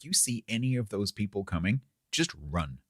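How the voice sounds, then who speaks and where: A man's voice: fairly low pitch, big pitch swings, normal speed, no room sound. A British man streaming a naval game, chatting casually with viewers in a dry, sarcastic way. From Britain. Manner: dry, sarcastic banter with chat. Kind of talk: casual live-stream chat.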